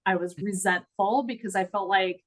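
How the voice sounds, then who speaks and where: A woman's voice: medium pitch, fairly even intonation, moderate pace, low-quality recording. A middle-aged woman telling her story in an interview, earnest and reflective, audibly emotional. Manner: earnest, reflective, laughs at times. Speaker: guest.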